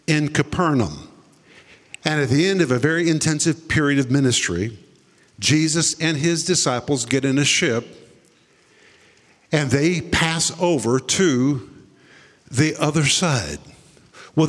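A male preacher delivers a sermon with dramatic storytelling. His voice sits fairly high and swings down into deep, slow quoted lines. The sound carries the long reverb of a big hall.

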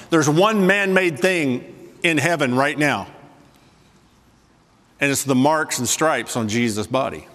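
Preacher man in a reverberant hall. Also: on the high side. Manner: swings between soft slow emphasis and quick asides to the congregation. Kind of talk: sermon. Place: church sanctuary with a congregation.

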